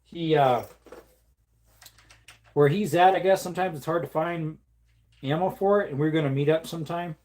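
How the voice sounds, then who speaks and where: A woman's voice: sits low, normal speed, long pauses, darkish tone. A woman chatting casually on a livestream while reloading ammunition, playful and laughing often. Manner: playful, laughs often, slips into silly voices.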